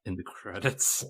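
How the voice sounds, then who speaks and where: A man co-hosting a podcast, chatting casually about a film in a rambling, self-interrupting way. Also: a little hiss or hum. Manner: rambling, self-interrupting, reads quotes aloud. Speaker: podcast co-host. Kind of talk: casual movie review chat.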